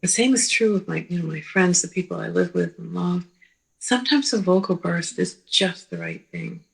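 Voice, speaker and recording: Gravelly, husky-voiced woman clinician teaching. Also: fairly low pitch, very animated, low-quality recording. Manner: slow, gentle, with pauses and repeated "right?". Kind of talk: teaching talk.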